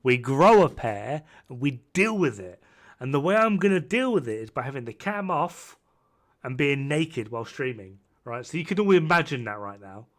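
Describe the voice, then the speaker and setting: Speaking in a sing-song, slightly bright mid-range voice at a moderate pace, this UK man is a little drunk on whiskey at home. His casual stream chat is rowdy, full of swearing and jokes at his own expense, with the camera switched off.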